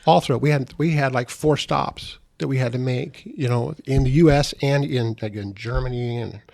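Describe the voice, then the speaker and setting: A middle-aged man, a podcast guest, telling a story in a casual, halting way and often repeating his words. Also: mid-range voice, vocal fry, darkish tone, dry recording, clean studio sound.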